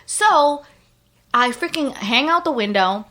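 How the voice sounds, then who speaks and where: A woman co-hosting a podcast, telling a story in casual chat and acting out both sides of it with animated voices. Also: high voice, takes it slowly. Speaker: podcast co-host.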